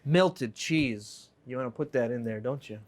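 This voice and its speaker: A man teaching an Arabic class, explaining and joking with his students in a relaxed way. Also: medium pitch, moderate pace. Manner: relaxed, joking, explains by reading examples aloud.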